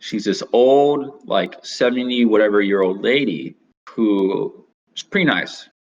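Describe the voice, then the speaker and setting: Young male co-host, lowish voice, rambling storyteller, muffled lo-fi audio. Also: expressive, unhurried. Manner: rambling anecdote with acted-out quotes. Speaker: podcast co-host. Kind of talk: casual chat, storytelling. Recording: dull lo-fi recording.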